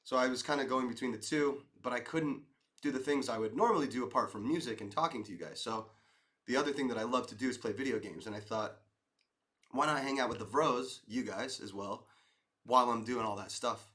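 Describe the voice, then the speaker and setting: A medium-pitched man, a bit bright and a little fast, hosts a live stream in his thirties. He answers comments in a laid-back, wandering way, frequently saying "dude" and "man."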